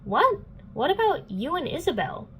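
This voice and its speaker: A defiant teenage girl heroine from a storybook, as a woman reads her out, high and exasperated and quick to snap back. The voice stays close to a casual chat, only pushed up in pitch. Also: slight background noise, close to an everyday voice. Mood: indignant.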